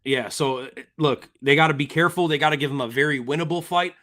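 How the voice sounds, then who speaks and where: A man's voice: fairly high pitch, fast talker, sharp tone. A man co-hosting a casual fight-sports livestream, swearing freely and reading viewer comments aloud. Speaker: livestream co-host reading chat. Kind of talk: casual MMA livestream chat.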